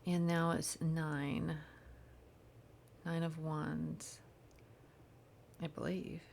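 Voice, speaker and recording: A woman giving a casual spiritual card reading, rambling and soft-spoken, sometimes slipping into whispers. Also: low voice, flat delivery, very slow, gravelly, slight background noise. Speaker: spiritual reader. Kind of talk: casual channeled tarot reading.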